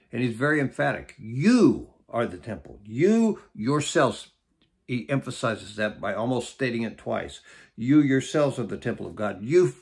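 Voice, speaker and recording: A man's voice: mid-range voice, breathy edge. A middle-aged man preaching as a pastor in a Bible study, emphatic and often checking in with "okay?". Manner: emphatic, repeats key phrases and checks in with "okay?".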